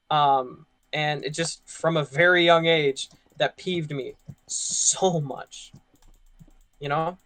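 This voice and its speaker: A man's voice: a little high, fairly even intonation, slow, a bit bright. A young man casually telling a work story on a gaming podcast, rambling and full of "like" and "you know". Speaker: podcast co-host.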